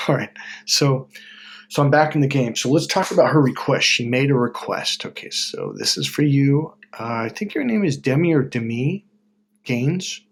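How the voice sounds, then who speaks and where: A middle-aged man hosting a self-help video in a casual, blunt monologue, swearing freely and breaking into loud mocking voices when he quotes people. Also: mid-range voice, expressive, normal speed, creaky, slight background noise.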